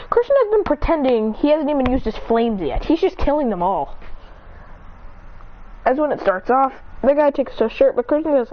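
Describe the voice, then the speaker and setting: A woman's voice: high-pitched, animated, moderate pace, dull audio. Woman rambling through a fan story. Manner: rambling run-on narration. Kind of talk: excited fan story retelling.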